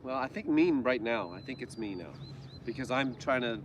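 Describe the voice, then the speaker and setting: A man's voice: mid-range voice, animated, normal speed, background noise. A Canadian man co-hosting a casual livestream chat, jokey and prone to going off on tangents. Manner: chatty, jokey, goes off on tangents. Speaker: livestream co-host.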